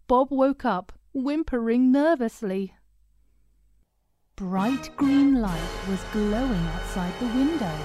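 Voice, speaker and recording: A woman narrating a children's story aloud in a gentle, expressive way. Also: fairly high pitch, slow, dry recording.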